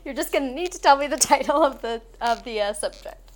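A woman with a fairly high voice chats casually on a podcast. She rambles through stories and tosses in quick asides. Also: expressive. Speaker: podcast co-host. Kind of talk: casual chat about the Oscars.

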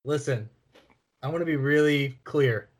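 Casual male podcast co-host, blunt and sarcastic, a touch high. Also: unhurried. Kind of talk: casual film podcast chat.

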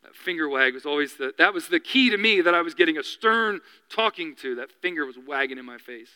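A man's voice: fairly high pitch, lively intonation, a little fast, bright, forceful tone, smooth, long reverb tail. A man preaching a sermon as pastor, earnest and building to impassioned appeals.

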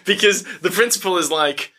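Man, casual movie recap chat, high pitch, bright tone, animated and profane. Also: moderate pace. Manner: animated, profane, acts out scenes. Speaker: podcast co-host.

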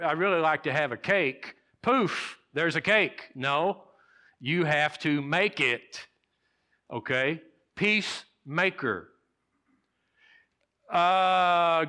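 A pastor preaching to his congregation, a man with a bright, forceful voice. He talks in a loose, conversational way, repeats his key words and keeps checking in with "okay?". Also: mid-range voice. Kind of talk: sermon.

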